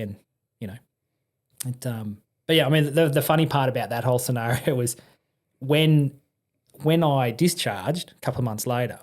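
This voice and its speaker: An Australian man, a veteran guest, telling stories in a relaxed interview, swearing freely and acting out the people in them. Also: medium pitch, normal speed. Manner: swearing, animated anecdote-telling with laughs. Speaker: podcast guest, army and police veteran. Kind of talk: casual storytelling interview.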